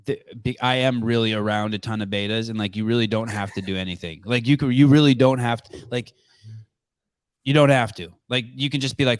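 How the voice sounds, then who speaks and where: A man's voice: medium pitch, fairly even intonation, a little fast, clear, resonant tone, dry recording, studio quality. A man hosting a podcast over a call, talking bluntly and crudely, joking in a casual chat. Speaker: podcast host.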